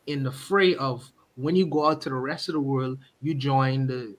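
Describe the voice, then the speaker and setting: A man with a somewhat high voice talks through a casual podcast discussion. He presses his point earnestly and laughs often between sentences. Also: moderate pace, sharp tone. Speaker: podcast host.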